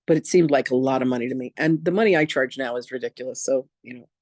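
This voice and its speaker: A man and reverend teaching in an online masterclass, telling personal stories in a candid, animated, casual way. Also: mid-range voice, quick pace, no echo, clean studio sound. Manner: animated, acts out quoted voices, casual and candid.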